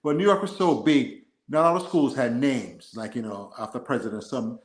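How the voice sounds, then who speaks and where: A Jamaican-born man speaks with an American accent in relaxed podcast talk. He spins stories, slips into other accents, and laughs as he goes. His voice sits mid-pitch and carries a roomy echo. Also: normal speed. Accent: American with Jamaican traces. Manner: storytelling, mimics accents, laughs often. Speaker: guest. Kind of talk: casual podcast chat.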